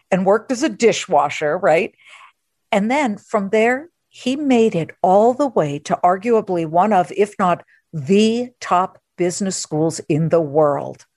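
A woman hosting a podcast interview, chatty and playful with quick asides. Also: on the low side, no room sound, studio quality. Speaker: podcast host. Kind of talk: casual interview chat.

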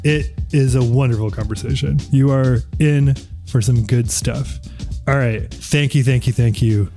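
A man's voice: medium pitch, fairly even intonation, a little slow, mellow, faint music behind. A man co-hosting a podcast about movies, chatting casually and reading the outro in a sing-song way. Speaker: podcast co-host.

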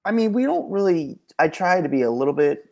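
A man co-hosting a celebrity news podcast in a rambling, animated casual chat, often correcting himself. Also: fairly high pitch, fairly quick, creaky. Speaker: co-host and street reporter.

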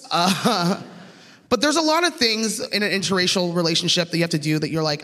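A woman from Canada performing a stand-up set, telling stories in an animated way and acting out the voices she quotes. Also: on the low side, fairly quick. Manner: animated, acts out quoted voices, laughs through lines. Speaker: stand-up comedian. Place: comedy stage. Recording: reverberant stage sound with long echo.

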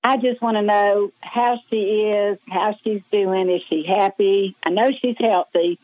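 A middle-aged woman with a Southern US accent, calling in to a radio show, earnest and laughing softly. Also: mid-range voice, fairly even intonation, measured pace, dry recording. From Birmingham, Alabama. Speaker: caller. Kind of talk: phone call to a radio show. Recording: tinny phone line.

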